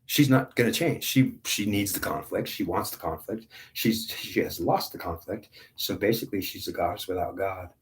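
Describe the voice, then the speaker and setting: Man, 50s, low voice, spiritual reader, intense and repetitive with halting restarts. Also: steady tone. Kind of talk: spiritual monologue.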